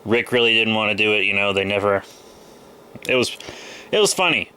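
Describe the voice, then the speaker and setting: A young man with a bright, forceful voice talks casually through his comic haul. He is a little sick with a cold and rambles along with plenty of fillers. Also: lowish voice, animated, brisk, clear, resonant tone. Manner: rambling, loose, with many fillers. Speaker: comic book vlogger. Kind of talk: casual haul video chat.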